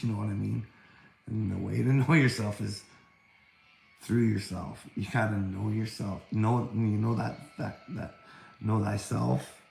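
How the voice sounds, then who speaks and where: A man's voice: fairly low pitch, vocal fry, roomy sound. A man in a rambling livestream rant, taunting and preachy, swearing often and laughing between lines. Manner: taunting, calls listener "bud", frequent laughter; profane, preachy.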